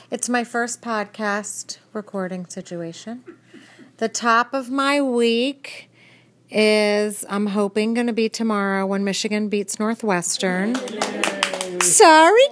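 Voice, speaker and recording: A woman's voice: medium pitch, measured pace, a little hiss or hum. A woman on her first podcast recording, sharing her week with a playful, teasing tone. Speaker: first-time podcast guest. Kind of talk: casual chat.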